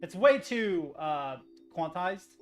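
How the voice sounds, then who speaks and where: A man's voice: high-pitched, big pitch swings, takes it slowly. A man streaming, chatting casually in a rambling, self-interrupting way while he makes music on a computer, swearing now and then.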